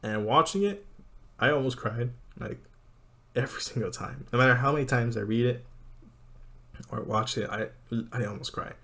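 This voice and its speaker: An excited man recaps an anime episode in a loose, rambling way. He breaks into laughter often, and his voice sits at a middle male pitch. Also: moderate pace, pauses often.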